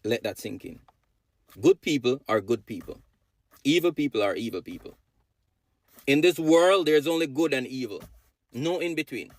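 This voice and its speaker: A man's voice: mid-range voice, expressive, moderate pace, pauses often, no echo. A man giving an emphatic monologue to camera, repeating slogan-like lines with big swings in his voice. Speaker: social media creator.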